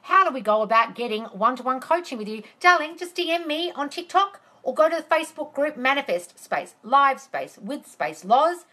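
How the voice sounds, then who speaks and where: Bright, blunt, profane woman coach. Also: high voice, very animated, normal speed, hardly any pauses. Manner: blunt and profane, exasperated rants; calls viewers darling. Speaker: manifestation coach. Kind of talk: live-stream Q&A, reading comments.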